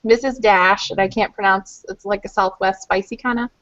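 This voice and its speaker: A woman's voice: medium pitch, steady tone, moderate pace, fairly bright tone. Woman, group call guest, chatty and rambling, muffled webcam sound. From Louisville, Kentucky. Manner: chatty, rambling with many fillers. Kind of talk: casual chat.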